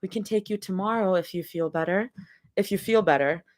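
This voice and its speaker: A woman voicing a calm, protective young partner in a fanfic read-aloud, speaking low, gentle and soothing. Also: fairly quick, close to an everyday voice.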